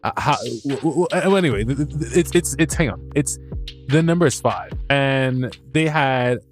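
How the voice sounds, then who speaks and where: A man's voice: mid-range voice, moderate pace, soft background music. A man hosting a podcast, recapping a show in a casual, rambling way, stammering and restarting, laughing at himself and swearing freely. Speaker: podcast host reviewing a show.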